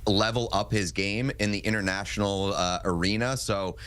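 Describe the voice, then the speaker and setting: A man's voice: fairly low pitch, steady tone, a bit bright, smooth. An American man giving sports analysis as a hockey analyst in an interview, talking it through with fillers. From United States. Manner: measured, thinks aloud with fillers.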